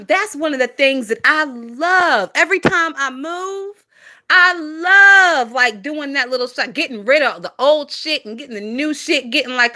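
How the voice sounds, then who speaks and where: A woman's voice: high-pitched, sharp tone. A young woman hosting a casual gossip stream, reading viewer comments aloud and reacting bluntly with lots of swearing and frequent laughter. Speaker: commentary channel host.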